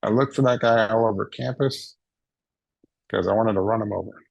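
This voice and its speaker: A man speaking for a virtual summit tells a humorous story from his own life, playfully voicing the people he quotes. His voice is lowish, a little mellow and husky with vocal fry, at normal speed, in a dry recording with the highs cut off.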